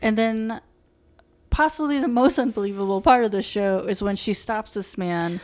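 Woman, casual co-host, sarcastic, animated, swears, mid-range voice. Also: medium pitch, normal speed, a little hiss or hum. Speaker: podcast co-host recapping a TV show. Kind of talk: casual chat.

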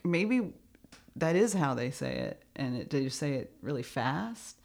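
A woman co-hosting a podcast speaks at an unhurried pace in loose, casual chat. She laughs easily and leans into quoted passages with relish. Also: deep voice, big pitch swings, gravelly, darkish tone. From United States. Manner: chatty, laughs often, reads quotes aloud with emphasis. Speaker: podcast co-host.

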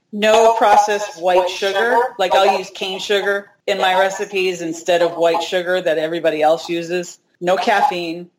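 A middle-aged woman guest in a casual interview, telling lively stories about hiking and acting out what people said. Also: mid-range voice, slight background noise. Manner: animated, acts out quoted dialogue.

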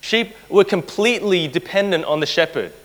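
A man's voice: high-pitched, expressive, normal speed, rough recording. A man preaching a sermon to a live audience, earnest, repeating key phrases and putting rhetorical questions to his listeners.

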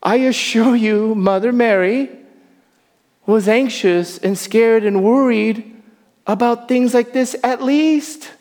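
Male pastor, high-pitched, lively sermon delivery, long church reverb. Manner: animated preaching, slowing to soft emphasis. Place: church sanctuary.

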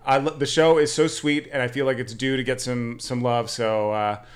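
Relaxed, rambling male podcast guest. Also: medium pitch, moderate pace, clear, resonant tone. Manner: relaxed, rambling, many restarts and fillers. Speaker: guest, actor and TV director. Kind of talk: casual chat.

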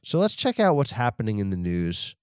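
A man hosting a comedy podcast, rambling through absurd asides in a deadpan manner. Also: on the low side, fairly quick, clean tone, no room sound, clean studio sound. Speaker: podcast host.

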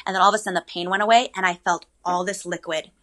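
Speaking rapid-fire in a lowish register, a young woman shares the story of giving birth during a casual conversation. Her telling is lively and talkative, packed with "like"s and "um"s.

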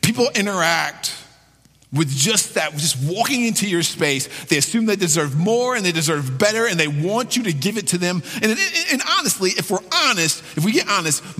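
A man preaching with a fairly high, very animated voice that swoops up and down. He hammers his points home by repeating them. His words ring out with a long reverb, as in a big sanctuary. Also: normal speed. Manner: emphatic, repeats key phrases for effect. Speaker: pastor. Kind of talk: sermon.

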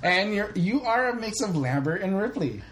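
A young woman co-hosting a casual podcast about a movie, joking dryly, swearing and quoting characters in a flat voice. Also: medium pitch, normal speed, crowd noise. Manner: dry, joking, swears, quotes characters flatly. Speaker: podcast co-host. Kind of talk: casual movie-discussion chat.

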